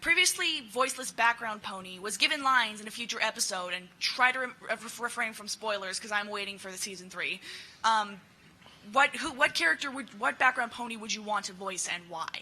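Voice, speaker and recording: A woman's voice: mid-range voice, fairly quick, pushed and bright, poor audio. A woman in the audience eagerly asking the panel a question.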